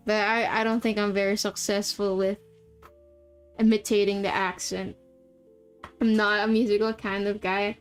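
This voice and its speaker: A young Filipina VTuber streams live, chatting casually and laughing a lot as she sets up a game. Her voice is medium-pitched and clean.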